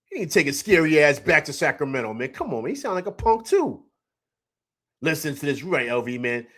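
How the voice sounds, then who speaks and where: Animated man hosting a postgame show. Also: fairly high pitch, fairly quick. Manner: animated, emphatic, repeats himself, reads chat comments aloud. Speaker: sports show host. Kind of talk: live postgame call-in show.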